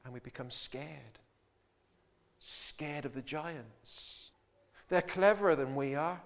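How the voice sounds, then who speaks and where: A man's voice: a little high, slow pace, vocal fry. A man preaching a sermon with emphatic delivery, acting out the voices of biblical figures in the quotes.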